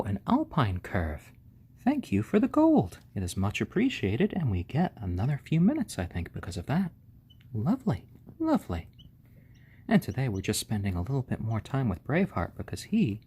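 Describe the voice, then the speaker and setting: A man hosting a casual live stream, talking gently and fondly to his baby chicks and thanking viewers. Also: fairly low pitch, huge pitch swings, normal speed, breathy edge. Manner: gentle, doting, talks softly to the chicks.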